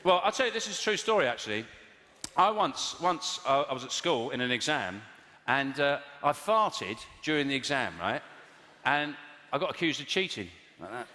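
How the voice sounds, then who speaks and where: An English stand-up comedian with a mid-range voice and big pitch swings speaks at a normal speed as he banters with the audience. He rambles, catches and corrects himself, and puts on mock outrage, with noise rising from the live crowd in an echoey hall.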